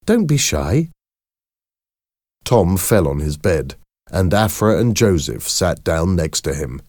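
A man narrating a storybook in a slow, expressive way. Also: sits low, no room sound, clean studio sound. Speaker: audiobook narrator.

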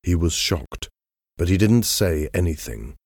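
Brief: male narrator, slow and clear, dry close studio sound. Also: sits low, animated, darkish tone, no echo. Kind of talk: audiobook narration of a graded reader.

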